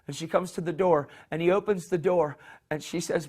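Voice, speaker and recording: Male preacher, impassioned storytelling sermon, repeats and restarts phrases, drops to hushed voices for quoted lines. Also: a little high, steady tone, normal speed, husky.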